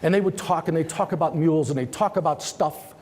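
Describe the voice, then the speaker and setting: A man telling a business story as a summit keynote speaker, conversational and lively, acting out the dialogue. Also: fairly high pitch, brisk, slight background noise. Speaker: company executive giving a summit presentation. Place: large conference hall. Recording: long hall reverb.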